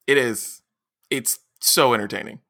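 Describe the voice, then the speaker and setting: A man co-hosting a podcast in loose, casual chat. His voice is bright and forward, and he gets excitable fast, acting out what other people say. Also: medium pitch, creaky. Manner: animated, excitable, laughs often, acts out quotes loudly. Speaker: podcast co-host.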